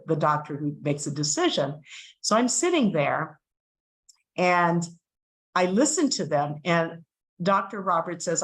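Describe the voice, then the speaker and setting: A middle-aged woman telling a personal story as a guest speaker, animated and acting out the voices of the people in it. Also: on the low side, poor audio. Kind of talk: storytelling talk.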